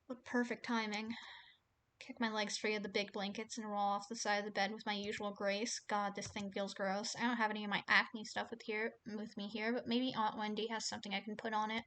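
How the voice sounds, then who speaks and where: A young woman streaming a game, reading the story aloud and chatting, sarcastic and quick to swear. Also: medium pitch, little pitch movement, fairly bright tone.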